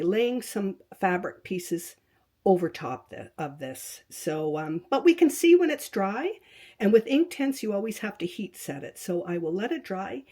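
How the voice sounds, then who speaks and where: Working on a quilt before her webcam at home, an older woman gives a casual tutorial from her craft room, chatty and talking to herself, occasionally dropping to a whisper. Her voice is medium in pitch with a darkish tone.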